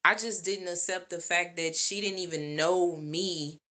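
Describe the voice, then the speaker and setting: A woman's voice: fairly low pitch, steady tone, measured pace, sharp tone. A woman vlogger in a casual monologue, talking straight to her viewers and repeating points for emphasis.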